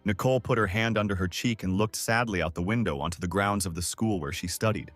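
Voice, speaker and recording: A man's voice: lowish voice, quick pace, fairly bright tone, no echo, faint music behind. A man narrating a comic story recap in a scripted storytelling style.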